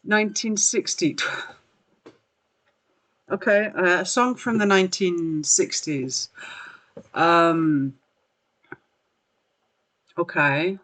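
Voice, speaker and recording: Talking extremely slowly with frequent pauses, a livestreaming podcast host rambles in a mid-range, fairly bright voice with fairly even intonation. Fillers abound, along with apologies and self-deprecating laughs, over faint background music.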